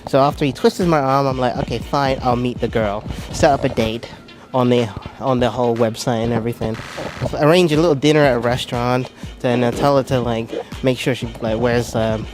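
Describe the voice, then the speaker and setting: A man's voice: mid-range voice, fairly quick. A young man doing a self-deprecating stand-up routine on stage at a ball, telling stories and slipping into voices. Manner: self-deprecating, animated storytelling with acted-out voices. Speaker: stand-up comedian. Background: music.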